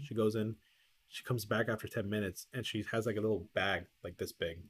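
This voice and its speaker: A man's voice: lowish voice, steady tone, quick pace, fairly bright tone, a little hiss or hum. A man co-hosting a podcast, telling a long anecdote in casual chat, with lots of restarts and acted-out quotes. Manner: rambling storyteller, lots of restarts and quoted dialogue. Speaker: podcast co-host.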